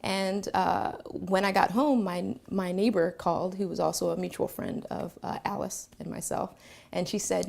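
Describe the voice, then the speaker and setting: Philly woman telling her own story, gravelly, lots of uhs, kind of halting. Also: fairly low pitch, steady tone, darkish tone. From Philadelphia, Pennsylvania. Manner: reflective, halting with many fillers. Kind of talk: personal storytelling.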